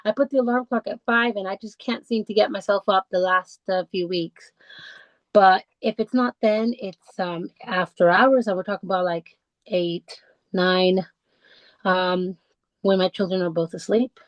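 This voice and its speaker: A woman guest on a podcast, telling her own story in a halting, heartfelt way with many restarts and fillers. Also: mid-range voice, steady tone, no echo, poor audio. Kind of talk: personal conversational storytelling. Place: lives in the English countryside.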